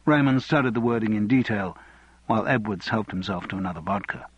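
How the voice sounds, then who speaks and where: A male audiobook narrator with a husky voice, measured and even. The recording is close and dry, with a slightly dull tone. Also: fairly low pitch, dry recording.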